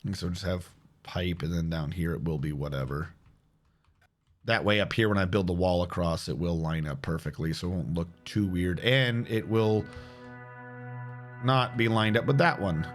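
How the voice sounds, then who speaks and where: In a low-pitched voice at a moderate pace, a man gives casual commentary on a building game he's streaming, thinking out loud and replying to chat. Guitar music runs in the background.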